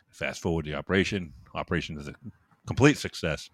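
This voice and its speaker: A man trading crude jokes in a casual chat, with loud bursts of laughter and voices for the characters in his jokes. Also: extremely low pitch, quick pace, no room sound, studio quality.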